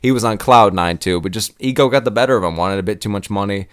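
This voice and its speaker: A man's voice: fairly low pitch, fast talker, clean tone. A man hosting a casual fight-commentary tier list, talking in a heated, profane, slangy rant. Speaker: MMA commentary channel host.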